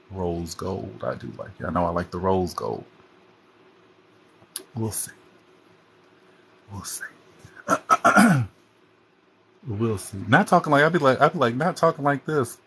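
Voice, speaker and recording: A man's voice: low voice, fairly bright tone, a little hiss or hum. A man hosting a casual livestream chat on his phone, rambling and chatty as he jumps from topic to topic. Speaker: host.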